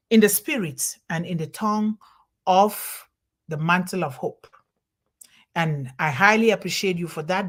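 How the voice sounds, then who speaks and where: A woman who is not a native English speaker hosts a live online show from home. She thanks viewers one by one by name and reads their comments aloud. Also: on the low side. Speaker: host. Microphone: home livestream over internet.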